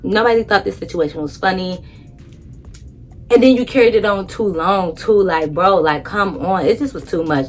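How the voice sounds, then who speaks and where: A woman vlogger telling a story in a casual, animated, blunt way, swearing freely. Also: mid-range voice, normal speed, faint music behind.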